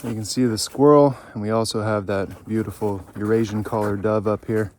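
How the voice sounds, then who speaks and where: A middle-aged man hosting an outdoor vlog, talking in a relaxed, upbeat, chatty way. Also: lowish voice, brisk, a little hiss or hum. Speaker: host of a foraging and hunting channel. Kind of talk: casual outdoor vlog narration.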